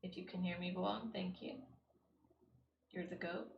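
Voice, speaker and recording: A woman's voice: lowish voice, steady tone, measured pace, vocal fry, lo-fi sound. Young woman rambling on stream while painting, lotta "like"s, roomy echo, faint hum behind. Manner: rambling, lots of "like" and "you know". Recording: echoey room with faint ambience.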